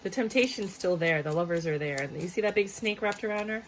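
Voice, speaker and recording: A woman's voice: medium pitch, quick pace, slight background noise, low-quality recording. A woman giving a casual tarot reading to her viewers, chatty and blunt, swearing freely and breaking into asides. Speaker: tarot reader.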